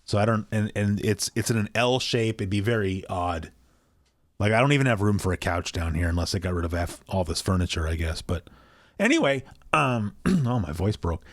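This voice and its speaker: A man with a fairly low voice co-hosts a casual podcast from a small basement at home. He rambles and pokes fun at himself. The sound is dry and close, with no room echo. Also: a little fast. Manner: rambling, self-deprecating. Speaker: podcast co-host. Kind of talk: casual chat.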